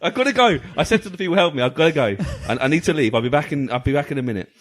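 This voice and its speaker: A man co-hosting a retro gaming podcast, telling a long anecdote in lively, laughing casual chat. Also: fairly high pitch, very fast. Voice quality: animated. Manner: lively storytelling, often laughing. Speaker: podcast co-host.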